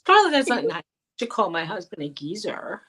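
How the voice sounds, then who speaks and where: Middle-aged woman co-host, casual chat, lively swooping voice, coos at her pet. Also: moderate pace, husky. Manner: animated, slips into high baby talk to coax her pet. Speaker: co-host of a live chat show.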